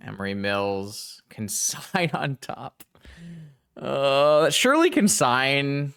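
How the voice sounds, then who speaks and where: A man giving casual live-stream gameplay commentary, thinking aloud and talking to his chat in a chatty, excitable way. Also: medium pitch, takes it slowly, gravelly, clear, resonant tone.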